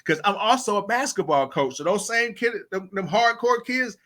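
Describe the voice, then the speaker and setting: A man with a high, bright, ringing voice tells stories on a podcast. He is blunt and boisterous, and he laughs a lot. He slips into quick acted-out voices of kids and parents while he talks. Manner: animated storyteller, acts out voices of kids and parents. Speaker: teacher and basketball coach, guest. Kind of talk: casual podcast conversation.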